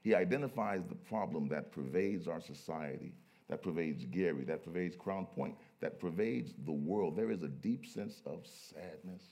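A man preaching a sermon, who moves from low, quiet stretches to loud, emphatic peaks. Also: normal speed, hardly any pauses.

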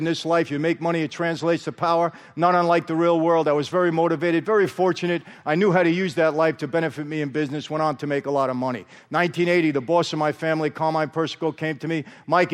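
Emphatic man preaching in a reverberant hall. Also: on the high side. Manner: emphatic, repeatedly addresses the audience as "people". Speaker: guest speaker. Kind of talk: testimony sermon.

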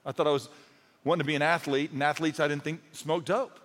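A man with a fairly high voice preaches in a large church, his words ringing through a long hall reverb. He talks to the crowd like a friend, telling stories with humor, then pushes his points home with rising force. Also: fairly even intonation, fast talker, fairly bright tone. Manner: conversational, storytelling with humor, rises to emphatic. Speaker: pastor. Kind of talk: sermon.

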